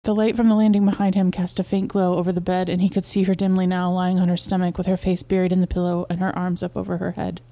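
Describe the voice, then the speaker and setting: A woman podcast host narrating a short story in a steady, measured way. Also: fairly low pitch.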